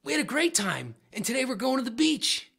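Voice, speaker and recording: Man doing a goofy grown man, squeaky high voice, loud exclaiming, gravelly edge. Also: big pitch swings, a little fast, heavily acted. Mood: cheerful. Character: goofy excited male driver, grown man.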